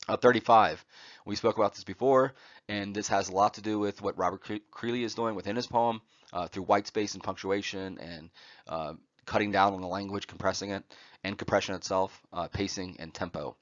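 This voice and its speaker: Male lecturer, lowish voice, teaching poetry terms over slides; filler-heavy, asks "right?" often, dead-dry sound. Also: steady tone, fairly quick, no room sound, muffled recording. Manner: frequent "uh" fillers and "right?" check-ins.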